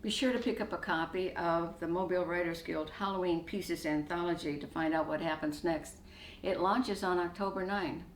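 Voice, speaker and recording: A woman's voice: fairly low pitch, fairly even intonation, moderate pace, recorded from a distance. Woman author reading her story aloud. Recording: echoey room, faint hiss.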